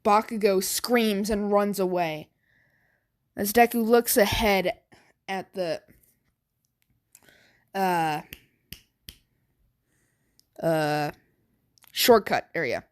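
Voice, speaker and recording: Woman, unhurried, improvised fan story, halting, lots of fillers. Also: medium pitch. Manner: hesitant, filler-heavy, stammering.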